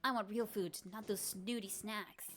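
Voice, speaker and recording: A woman voicing a grouchy, scolding old man as she reads video game dialogue aloud in a gruff, indignant rant. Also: mid-range voice, fairly even intonation, normal speed, slight background noise, lightly acted. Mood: grumbling.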